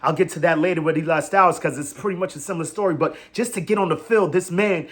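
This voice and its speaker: A man hosting a fan commentary show, rambling in animated slang and laughing often. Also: on the high side, fast talker. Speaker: sports fan show host. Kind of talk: casual fan commentary vlog.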